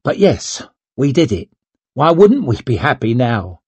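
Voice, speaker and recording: A man's voice: mid-range voice, very animated, unhurried, darkish tone, husky, dry recording, exaggerated voice. A man voicing a working-class wife learning to be a proper lady, prim and correcting.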